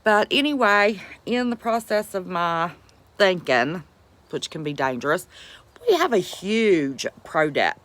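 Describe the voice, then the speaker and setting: With a fairly low, animated voice and a fairly bright tone, a woman from West Virginia greets the live chat on her homestead stream. She talks unhurriedly in an Appalachian accent, casual and folksy, calling people sweetheart and buddy.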